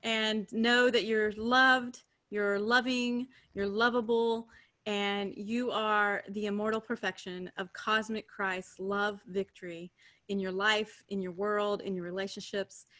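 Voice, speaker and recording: A woman hosting a casual spiritual chat, speaking in a warm, affirming way with frequent fillers. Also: mid-range voice, fairly even intonation, a little slow. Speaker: host.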